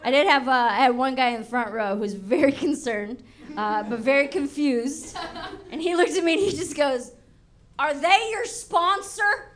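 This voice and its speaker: A woman's voice: high voice, normal speed. A young woman performing a stand-up comedy set, brash and swearing, slipping into acted voices, recorded live at a show. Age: young adult. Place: comedy show before a laughing audience. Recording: live show with audience noise.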